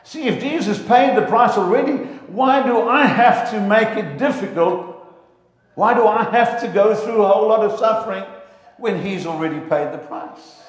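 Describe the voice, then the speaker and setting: A man preaching a lively sermon in a church, playful and animated, often acting out the voices of God and his congregation. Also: sits high, moderate pace. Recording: echoey hall, long reverb.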